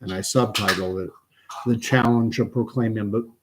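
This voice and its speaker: A man's voice: lowish voice, fairly even intonation, background noise. Canadian man hosting a late-night livestream. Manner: unhurried, reads aloud with many fillers and restarts. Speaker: channel host. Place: at home with his dog.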